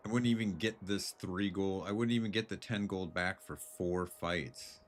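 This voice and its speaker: A man streaming a video game live, thinking out loud in a laid-back, jokey way. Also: low-pitched, normal speed. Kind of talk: casual live gameplay commentary.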